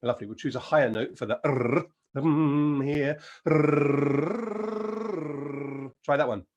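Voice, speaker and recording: A man with an English accent leading an encouraging vocal warm-up lesson as a singing teacher. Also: mid-range voice, quick pace, dull audio, slight background noise. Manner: encouraging, demonstrates sounds and sings.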